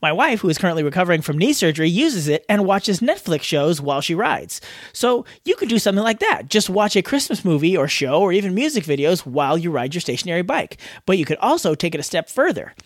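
Lively Californian podcast host. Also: male voice, sits high, quick pace, no echo, clean studio sound. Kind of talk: casual podcast banter.

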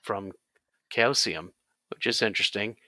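A man's voice: on the low side, measured pace, bright, forceful tone, no echo. A man hosting a podcast about tabletop games, chatting casually and jokily while he explains the rules. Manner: jokey, explains game rules at length. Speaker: podcast host.

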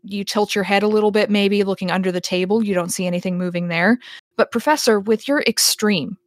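A woman's voice: mid-range voice, fairly quick, dry recording. A woman acting as game master who narrates a tabletop game in a descriptive way, often restarting her sentences.

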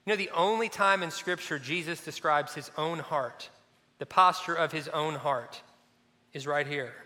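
A man preaching a sermon as a pastor, animated and storytelling, who drops at times to a soft, near-hushed voice. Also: a little high, normal speed, big-room sound.

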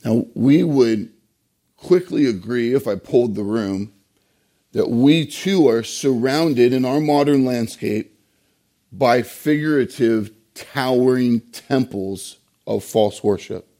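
A male pastor delivering a sermon, emphatic, with rhetorical questions and pauses. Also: medium pitch, dark tone.

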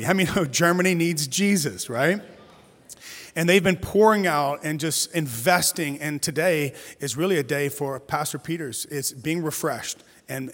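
A man in his forties delivers a sermon in a slightly high, animated voice, telling stories with playful, conversational asides. His voice carries a long reverb from a big church sanctuary. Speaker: guest pastor.

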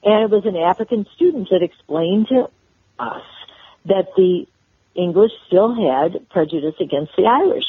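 A woman's voice: medium pitch, animated, breathy edge, no room sound. Older woman telling stories over a phone line. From Chicago, USA. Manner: warm storyteller, halting restarts. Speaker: guest. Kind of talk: storytelling interview. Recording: tinny phone-line audio.

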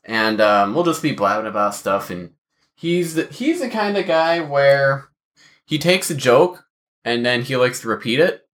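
A man's voice: medium pitch, measured pace. A young man hosting a podcast in casual chat, telling stories and putting on voices for the people and animals in them. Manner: animated, acts out voices in anecdotes. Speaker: podcast host.

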